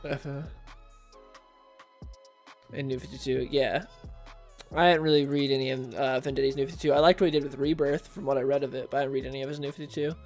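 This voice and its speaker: A man's voice: medium pitch, level tone, fast, long pauses, darkish tone, faint music behind. A man hosting a casual livestream about comics, chatting with viewers and reading recaps aloud. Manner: chatty, reads chat and recaps aloud, laughs at own jokes.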